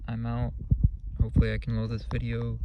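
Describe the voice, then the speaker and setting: A man hosting his own channel, talking casually about spirituality in a rambling, earnest, profane way, and saying his energy is low. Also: monotone, a little fast, creaky, muffled recording, very noisy. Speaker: channel host. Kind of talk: casual spiritual vlog monologue.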